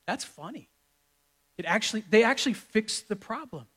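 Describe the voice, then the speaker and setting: Male pastor, high-pitched voice, conversational humorous sermon delivery in a church. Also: lively intonation, moderate pace, a bit bright. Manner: conversational, humorous preaching with repetitions. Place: church sanctuary with live audience.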